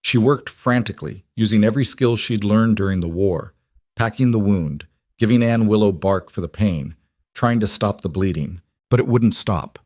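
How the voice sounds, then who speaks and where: A man reading a Western story aloud, in a calm and measured narration. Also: lowish voice, no echo, studio quality.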